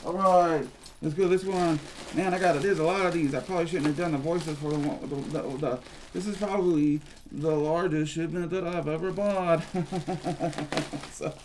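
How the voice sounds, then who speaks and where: A man's voice: on the high side, steady tone, moderate pace, darkish tone, slight background noise. A man chatting playfully through a casual unboxing, rambling and humming as he goes. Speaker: unboxing host.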